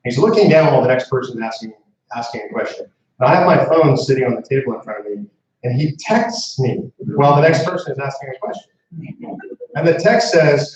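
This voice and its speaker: A man's voice: mid-range voice, lively intonation, a little fast, darkish tone, distant mic. A man giving a storytelling speech to a live audience as founder of a movement, speaking conversationally with asides to the crowd. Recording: echoey room mic heard from afar, muffled.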